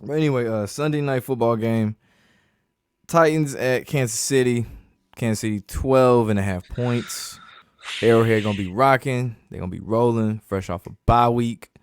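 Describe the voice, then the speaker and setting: A man's voice: medium pitch, normal speed, clear, resonant tone, dry recording. A man casually hosting a sports picks chat, reading out each matchup and the betting line before giving his pick. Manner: laid-back, reads matchups and lines before giving picks.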